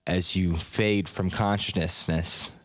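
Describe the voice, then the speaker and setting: Slow, deep-voiced man doing parody hypnosis. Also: steady tone. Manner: slow, soft, second-person hypnotic narration. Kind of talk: parody sleep hypnosis narration. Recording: long hall reverb.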